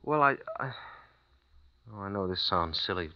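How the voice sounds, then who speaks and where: An uneasy American writer. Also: male voice, low voice, expressive, sharp tone, heavily acted. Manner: halting, uneasy, stammering. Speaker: lead character. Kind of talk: 1950s radio drama acting. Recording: muffled 1950s radio broadcast.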